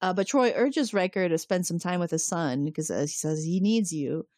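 A woman's voice: lowish voice, lively intonation, moderate pace, darkish tone, no room sound, clean studio sound. A woman hosting a podcast, casually retelling an episode and acting out the characters' lines. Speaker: podcast host recapping an episode. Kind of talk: casual chat.

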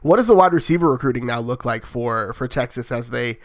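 A man co-hosting a podcast, asking questions in a casual, halting way. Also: mid-range voice, expressive, no room sound, clean studio sound.

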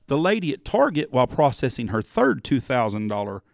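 A man's voice: medium pitch, a little fast, vocal fry, no room sound, clean studio sound. A man, a podcast co-host telling a story in casual chat, swearing freely and acting out the voices of the people in it. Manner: profane, animated storyteller, acts out quoted voices.

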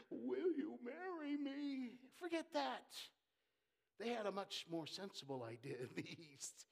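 A man preaching a sermon, swinging between loud emphatic lines and soft asides, joking with the congregation. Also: on the high side. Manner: jokes with the congregation.

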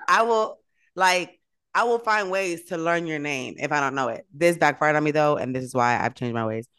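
A woman co-hosting a podcast, telling lively stories in casual chat and laughing often. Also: low-pitched, normal speed, clear, resonant tone. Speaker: podcast co-host.

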